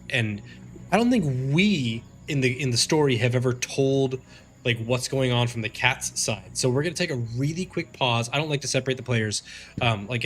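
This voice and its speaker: A man runs a tabletop game in a loose, rambling way, with plenty of "uh"s and restarts. His voice sits at an ordinary pitch. Faint music plays behind him. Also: fairly bright tone. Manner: loose, rambling, lots of fillers. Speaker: game master.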